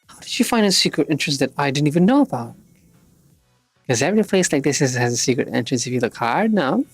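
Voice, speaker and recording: A man's voice: fast, breathy edge, no room sound, faint music behind. A man streaming, reading a game's story dialogue aloud and voicing each character in turn. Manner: switches pitch and pace between characters, animated.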